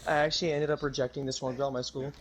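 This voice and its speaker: A man's voice: mid-range voice, little pitch movement, racing, slight background noise. A young man chatting casually on a gaming stream, blunt and brash and swearing freely. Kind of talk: casual chat.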